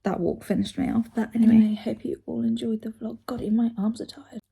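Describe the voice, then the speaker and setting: A woman's voice: fairly high pitch, level tone, fast, gravelly, warm tone, slightly rough. A tired, out-of-breath young woman, chatting casually to camera in a vlog and partly whispering. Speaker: fitness vlogger.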